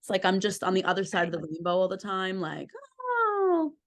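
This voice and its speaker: A woman's voice: on the low side, steady tone, quick pace. A woman chatting on a podcast, telling rambling, self-deprecating stories and laughing at herself. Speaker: podcast guest, host's wife. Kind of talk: casual chat.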